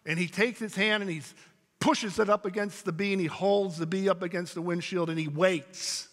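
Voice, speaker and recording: A man's voice: high voice, steady tone, moderate pace. A man preaching a sermon to his congregation, telling stories and calling out to the room. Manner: storytelling preacher, speaking to a congregation. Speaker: pastor. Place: church sanctuary. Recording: long hall reverb.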